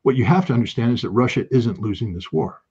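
Husky, emphatic man in a political monologue. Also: mid-range voice, animated, fast talker, lo-fi sound. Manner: emphatic, repetitive, rising to forceful outbursts. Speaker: political commentator.

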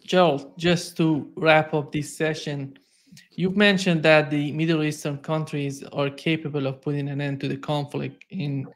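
A male interviewer asking a question in a measured, argumentative way. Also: fairly high pitch, flat delivery.

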